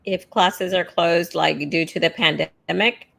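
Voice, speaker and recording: A woman's voice: on the low side, steady tone, unhurried, gravelly, fairly bright tone. A woman co-hosting a casual talk stream for teachers, exasperated and openly sarcastic. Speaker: co-host of educators' union livestream. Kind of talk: casual chat.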